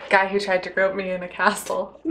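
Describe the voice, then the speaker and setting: A woman's voice: medium pitch, expressive, a little slow, a bit bright, a little hiss or hum. A woman in a casual vlog chat, telling stories about her bad dates in a chatty, giggly, self-mocking way. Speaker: storyteller recounting bad dates.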